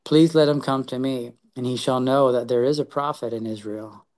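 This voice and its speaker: A man's voice: mid-range voice, fairly even intonation, darkish tone. Earnest man leading a Bible study. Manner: halting, with frequent repeated words and restarts. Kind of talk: reading scripture aloud and reflecting.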